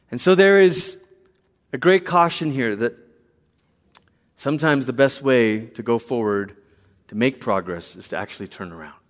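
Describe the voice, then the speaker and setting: A male pastor delivers an animated sermon, acting out quotes as he tells the stories. His voice sits high for a man. A long reverb from the church hall trails each phrase.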